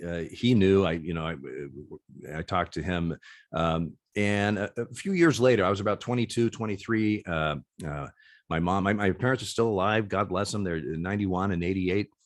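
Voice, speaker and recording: Deep-voiced man in his sixties, halting. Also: no room sound, clean studio sound. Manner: halting, stacks repeated words and restarts. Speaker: guest, former umpire. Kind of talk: candid interview conversation.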